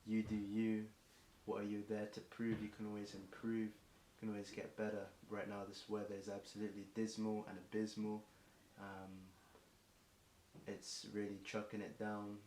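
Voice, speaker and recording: A young English man improvising a rambling rhyming freestyle, voice getting hoarse, filling gaps with ums and self-corrections. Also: lowish voice, monotone, normal speed, darkish tone. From England. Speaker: streamer performing a marathon song. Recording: echoey room with faint background noise.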